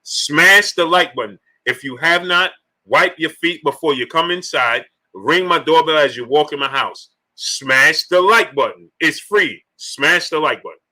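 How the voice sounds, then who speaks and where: A man hosting a boxing live stream in a loose, joking chat style, shouting out viewers by name and urging them to like the video. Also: a little high, expressive, unhurried, low-quality recording. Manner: loose, laughing, joking banter. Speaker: boxing livestream host.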